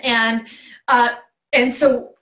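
A middle-aged woman hosting a talk, telling a lively story to a child in a bedroom. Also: on the high side, very slow, roomy sound. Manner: animated storyteller, acts out voices in quotes. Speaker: host. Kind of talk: warm storytelling to a child on video.

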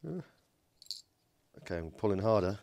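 A man's voice: on the low side, sing-song, normal speed, a little mellow. A man hosting a casual workshop video, joking and thinking aloud as he takes apart a battery pack. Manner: joking, thinks aloud while working, frequent ums and self-corrections. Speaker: DIY electronics video host. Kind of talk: casual hands-on teardown narration. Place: home workshop.

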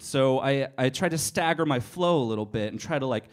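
A man telling stand-up stories on a small cafe stage, animated and swearing freely as he acts out each scene. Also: mid-range voice, a little fast. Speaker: stand-up comedian. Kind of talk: stand-up storytelling.

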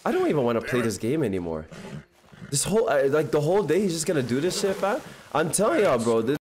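Excitable man from streaming games. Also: fairly high pitch, fast talker. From Toronto, Canada. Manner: excitable, chatty, addresses chat as fam. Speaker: game streamer. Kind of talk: live gameplay commentary.

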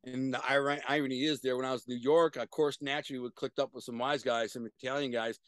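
A middle-aged man, a guest on a video-call interview, telling profane street stories in an animated way with sudden loud bursts. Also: medium pitch, fast, clear, resonant tone, no echo. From Detroit, USA. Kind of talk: casual storytelling.

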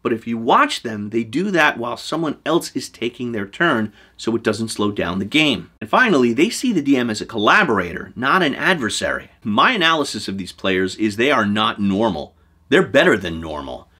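A man presents his lessons on running tabletop games in a scripted talk to camera. His voice sits in the middle range but leaps around with lively, emphatic swings. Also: mid-range voice, normal speed, breathy edge. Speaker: show host giving game master advice.

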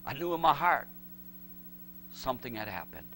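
A middle-aged man preaching a sermon, swinging from shouted pleas to hushed words. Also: mid-range voice, very animated, normal speed, a little hiss or hum. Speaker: pastor.

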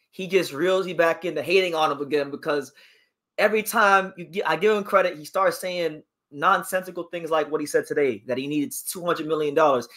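A man with a high-leaning, sharp voice runs a casual boxing stream. Chatty throughout, he voices viewer comments, reacts to them, and gives his views on various fighters.

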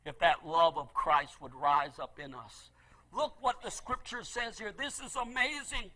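A middle-aged male pastor preaching a sermon, telling a story with great feeling and swinging from loud pleading to hushed, low asides. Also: fairly even intonation, measured pace, poor audio.

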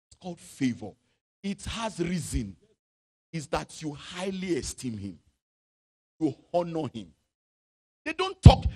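A male pastor from Nigeria preaching a sermon, chanting scripture and swinging from loud shouts to low asides. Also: husky. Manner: reads scripture aloud in a chanting, sung tone.

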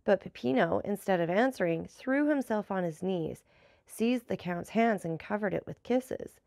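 Audiobook narrator, woman, gravelly texture, close dry sound, even storytelling. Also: mid-range voice, normal speed, dry recording. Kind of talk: scripted narration of a classic novel.

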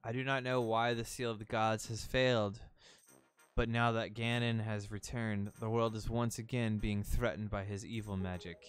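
A man's voice: on the low side, little pitch movement, moderate pace, clear, resonant tone, faint music behind, lightly acted. A man voicing a wise, solemn talking boat who guides a hero, reading game dialogue aloud on stream and tripping over words. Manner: reads text boxes aloud, stumbles on words.

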